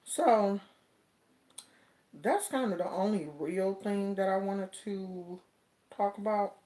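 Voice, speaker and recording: A woman vlogger chatting casually to camera, telling stories in an animated, drawn-out way. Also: medium pitch.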